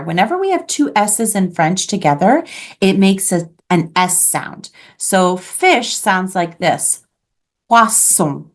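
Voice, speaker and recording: A woman teaching a beginners' French class online, patiently modeling each word for her students. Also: fairly low pitch. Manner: patient, clear modeling of pronunciation.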